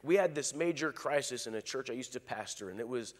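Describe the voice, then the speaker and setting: A male pastor preaching a sermon, animated, acting out quoted lines. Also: medium pitch, fairly quick, long reverb tail. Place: large church hall.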